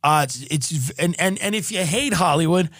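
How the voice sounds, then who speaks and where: A man's voice: on the high side, lively intonation, normal speed, fairly bright tone, no room sound. A male podcast host doing a rambling, sarcastic comedic ad read, full of profanity.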